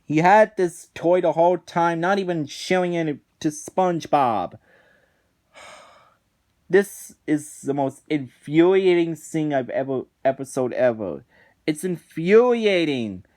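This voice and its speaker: Slow, exasperated male reviewer ranting. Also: on the high side, animated, a little mellow. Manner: indignant, exasperated, restarts phrases often. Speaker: reviewer of cartoon episodes. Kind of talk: ranting commentary.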